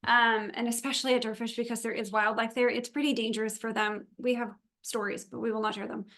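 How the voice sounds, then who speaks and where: A woman's voice: fairly high pitch, level tone, fast talker, a bit bright. A woman briefing a virtual meeting for event volunteers and drivers, upbeat, chatty and practical. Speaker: event organizer.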